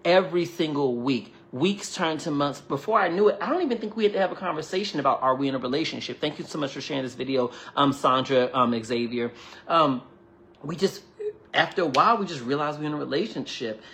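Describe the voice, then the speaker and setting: A man hosting a livestream, telling a personal story to viewers in a chatty, animated way, often acting out quoted dialogue and thanking people between lines. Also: fairly high pitch, fast. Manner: chatty and animated, full of "like" and "you know". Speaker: livestream host. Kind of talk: casual storytelling to a live audience.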